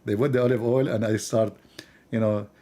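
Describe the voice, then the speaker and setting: A man's voice: fairly low pitch, moderate pace. Mocking male live-stream host. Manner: mocking, animated, with sudden drops to a mutter.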